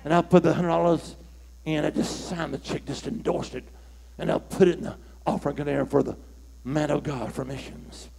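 A middle-aged male preacher telling a story in a fiery sermon, calling for shouts and whooping. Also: fairly high pitch, fairly even intonation, fairly quick, creaky, breathy edge. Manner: call-and-response, shouting, whooping.

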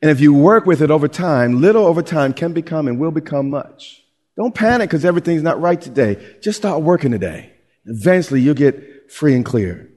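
Preaching as a pastor, a middle-aged man is animated and conversational, often starting sentences over. He speaks briskly with a fairly high pitch, and the audio has a big-room sound.

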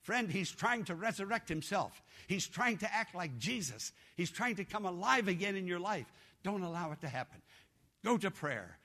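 Male pastor, fervent sermon delivery, bright tone. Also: sits high, expressive, moderate pace. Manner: fervent, exhorting preacher.

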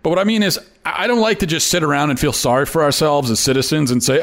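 A man's voice: a little high, expressive, fast talker, few pauses, fairly bright tone. A man hosting an opinion commentary show, talking emphatically and often repeating words for effect. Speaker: host.

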